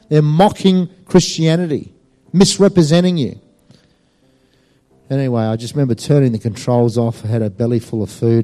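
A man telling a personal testimony in an animated, emphatic way, with many fillers. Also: medium pitch. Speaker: speaker giving a personal testimony. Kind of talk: storytelling testimony.

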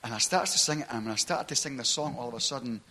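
Guy preaching his testimony, middle-aged, bright voice, lots of "right?". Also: mid-range voice, fast, slightly rough. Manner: storytelling, asks the audience "right?" often. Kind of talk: sermon testimony.

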